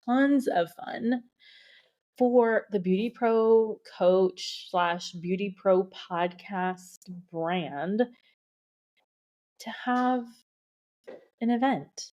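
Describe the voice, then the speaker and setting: A woman hosts her own podcast and talks straight into the microphone, excited and gushing, full of fillers. She sounds a little out of breath, and her voice is mellow and warm, not bright. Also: medium pitch. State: a bit out of breath. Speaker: podcast host, beauty industry coach. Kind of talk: solo podcast monologue.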